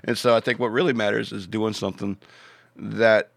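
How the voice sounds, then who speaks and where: A man's voice: lowish voice, little pitch movement, moderate pace, vocal fry, no echo, clean studio sound. A man hosting a podcast, reading out odd news stories in a rambling, joking way with many fillers. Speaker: podcast host.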